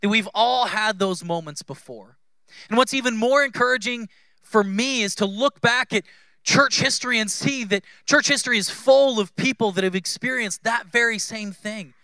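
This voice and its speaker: A man in his thirties preaches in a loose, joking way, bouncing into playful voices for the people he quotes. His voice sits very high and sharp. The sound is close and dry. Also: normal speed, no room sound. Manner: conversational, humorous, acts out quoted voices. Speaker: pastor. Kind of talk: sermon. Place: church.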